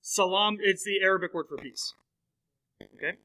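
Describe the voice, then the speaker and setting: A man's voice: high voice, normal speed, sharp tone, poor audio. A man teaching a classroom lecture in a conversational way, full of fillers and questions to his students.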